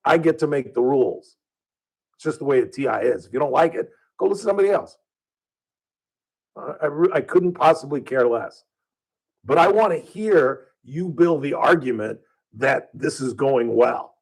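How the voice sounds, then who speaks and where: A man's voice: mid-range voice, lively intonation, moderate pace, a little mellow, husky, poor audio. A male talk radio host speaking from a studio, delivering a combative opinion monologue full of rhetorical questions. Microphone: studio microphone.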